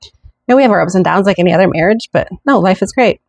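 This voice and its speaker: A woman's voice: mid-range voice, very fast, vocal fry, a little mellow, no room sound. A woman voicing a trusting older wife who protests in a flustered, raised voice.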